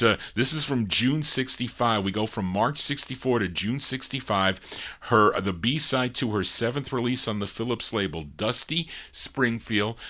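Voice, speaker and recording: An older man hosting a show, chatting calmly and easily between records with a soothing, unhurried manner. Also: on the low side. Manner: calm, soothing announcing with easygoing asides. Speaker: host and record-spinning DJ. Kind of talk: casual live show chat between records. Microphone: talking into a microphone.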